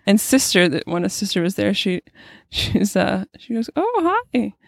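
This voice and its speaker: Gravelly-voiced chatty religious sister. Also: female voice, mid-range voice, fairly even intonation, a little mellow, no room sound, studio quality. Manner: chatty, many "like" fillers, leads prayer slowly. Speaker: podcast co-host, religious sister. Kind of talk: casual chat and leading prayer.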